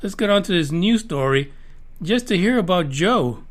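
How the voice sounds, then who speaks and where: A man with a fairly high voice hosts his podcast in a loose, rambling monologue. He jokes and swears freely as he goes. He sounds middle-aged. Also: animated, moderate pace, over loud music. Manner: profane, rambling and jokey. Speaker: podcast host.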